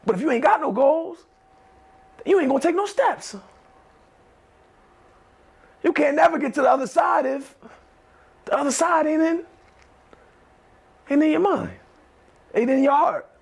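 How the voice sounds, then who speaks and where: Gravelly, high-pitched motivational speaker man. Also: a little slow, long pauses. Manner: emphatic, repetitive, leads call-and-response affirmations. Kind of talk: motivational talk to a class.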